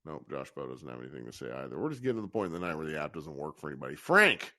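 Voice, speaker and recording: A man's voice: rumbling low, very fast, no room sound, clean studio sound. A man hosting a live call-in podcast, chatting casually, joking and laughing as he brings up callers. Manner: animated, laughs and swears, runs the caller queue. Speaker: podcast host running a live call-in show. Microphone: live audio app.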